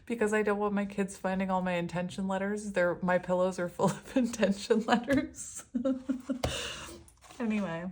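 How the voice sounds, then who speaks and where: A woman's voice: medium pitch, fairly even intonation, unhurried, long pauses, darkish tone. A woman doing a casual spiritual tarot reading, chatty and rambling, laughing often as she talks. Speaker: tarot reader.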